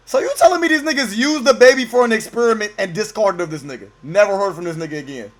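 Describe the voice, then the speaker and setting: A man's voice: sits high, fast, hardly any pauses, a bit bright. A young man streaming from home, reacting to a video with casual, profane, joking slang and talking over it. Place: home at night, keeping voice down.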